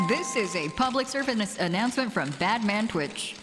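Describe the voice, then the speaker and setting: A woman's voice: brisk, hardly any pauses, over music. A woman streamer chatting casually with viewers, playful and bubbly. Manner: bubbly and playful, lively pitch. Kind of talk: casual chat while reading chat.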